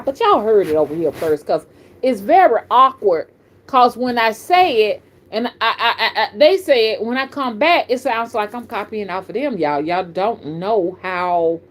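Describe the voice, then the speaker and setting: Southern woman host, middle-aged, folksy and animated, talks straight to her audience. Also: medium pitch. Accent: Southern American. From American South. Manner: folksy, animated, addresses viewers as y'all. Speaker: spiritual reader and channel host. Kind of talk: casual live-stream talk.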